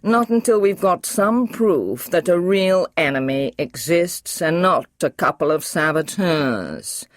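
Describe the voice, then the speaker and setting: Pompous doubting male official voiced by a woman, incredulous, lively, dry. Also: fairly low pitch, a little slow, hardly any pauses, no room sound. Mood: skeptical. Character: skeptical middle-aged male official, pompous.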